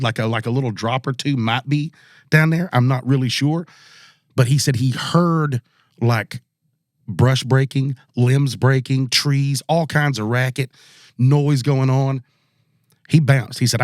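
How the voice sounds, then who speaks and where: A medium-pitched male voice, captured in the studio with no room sound, belongs to a podcast co-host casually telling a spooky hunting story. He has a relaxed Southern storytelling style and acts out the quotes in other people's voices.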